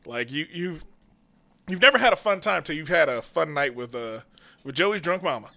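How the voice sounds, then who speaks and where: A man hosting a comedy podcast in a loose, laughing way, with plenty of cursing. His voice sits a bit high and sounds bright and forward. He talks on a studio mic. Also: expressive, normal speed, creaky. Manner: laughing storyteller, loose and profane. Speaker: podcast host. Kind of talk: casual comedy podcast banter.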